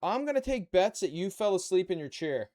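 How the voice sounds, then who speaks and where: A man's voice: high voice, sing-song, fairly quick, dark tone. A man live-streaming a model-kit build, chatting with viewers and muttering to himself as he works. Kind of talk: casual live-stream chat.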